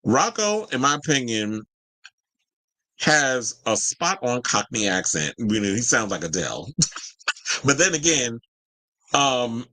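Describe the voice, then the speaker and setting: A man's voice: medium pitch, big pitch swings, slow pace, long pauses, bright, forceful tone, no room sound, low-quality recording. A man hosting casual celebrity gossip commentary, sassy and chatty, full of asides to his viewers. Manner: sassy and chatty, says "child" and "y'all". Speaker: host.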